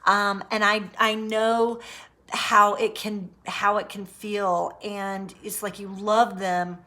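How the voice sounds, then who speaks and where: Bright-voiced woman musing earnestly. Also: mid-range voice, flat delivery, slow. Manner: earnest, rambling, reflective. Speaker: narcissistic abuse recovery channel host. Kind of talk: personal opinion commentary.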